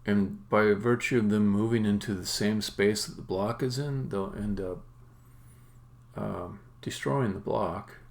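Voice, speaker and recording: Gravelly low-voiced man thinking aloud. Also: unhurried. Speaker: game developer streaming. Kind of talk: casual live-stream commentary.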